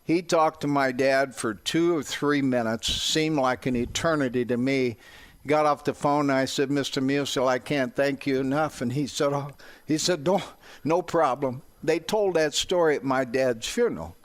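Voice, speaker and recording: An older man from the St. Louis area tells a personal anecdote as a guest on sports talk radio. His voice sits at an ordinary middle pitch. He acts out the other people in the story, jumping high or dropping low for their quoted lines. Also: normal speed. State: gets emotional.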